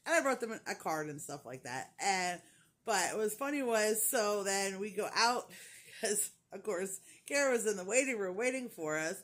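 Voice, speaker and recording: A woman's voice: medium pitch, lively intonation, moderate pace, fairly bright tone. A woman in casual chat, telling a story with lots of laughter and playing the other people's voices in quotes. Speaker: crochet vlogger.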